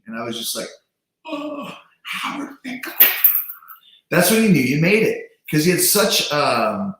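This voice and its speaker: In a very echoey room, the host of a casual livestream chats animatedly. He often restarts his sentences and does voice impressions with big pitch swings.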